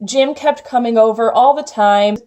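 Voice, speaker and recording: Young woman vlogger, high bright voice, chatty storyteller, leans on "like" a lot. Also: moderate pace. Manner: chatty, heavy use of "like" fillers. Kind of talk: casual storytelling vlog.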